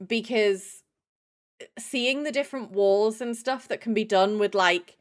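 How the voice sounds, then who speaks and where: A woman's voice: mid-range voice, fairly bright tone. A young woman chatting casually on a live stream, swearing freely and greeting chatters by name.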